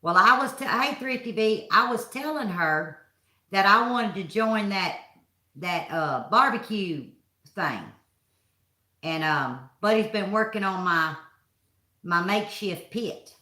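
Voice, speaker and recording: A woman's voice: medium pitch, animated, slow pace, sharp tone. A woman hosting a casual live stream from home, chatty and folksy, greeting viewers by name. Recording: echoey room.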